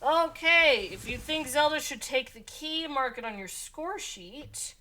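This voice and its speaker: A woman's voice: high voice, expressive, unhurried, pushed and bright. A woman running a gamebook adventure as game master, reading aloud casually and laughing between lines.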